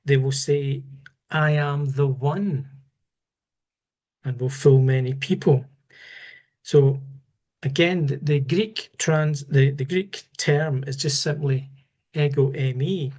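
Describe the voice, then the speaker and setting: A man explains scripture in a slow, deliberate way, pausing and restarting his phrases as he thinks. His voice sits at an ordinary middle pitch, and his tone is that of an unscripted study lesson. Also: steady tone, darkish tone. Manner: measured, halting, with repeated restarts. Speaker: Bible teacher. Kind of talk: unscripted Bible study talk.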